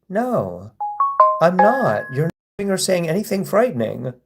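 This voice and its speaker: A man's voice: high voice, sing-song, unhurried, vocal fry, over loud music. A man on a live stream who reads viewer comments aloud and answers them, taunting, provoking and swearing at his hecklers. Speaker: livestreamer. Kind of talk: live stream reading chat comments and replying.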